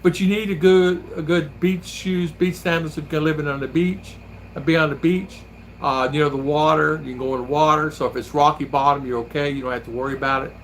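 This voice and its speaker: A man's voice: on the high side, fairly even intonation, a little fast, fairly bright tone, slight background noise. A man hosting a vlog, chatting casually and telling rambling stories while laughing often. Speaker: vlogger and host. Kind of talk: casual chat.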